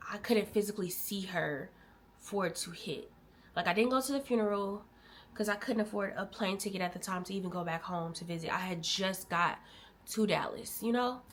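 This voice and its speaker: A young adult woman from Illinois, telling viewers a heartfelt personal story in a candid, emotional way, swinging from animated bursts to quiet, soft-spoken moments. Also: mid-range voice, slight background noise. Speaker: vlogger.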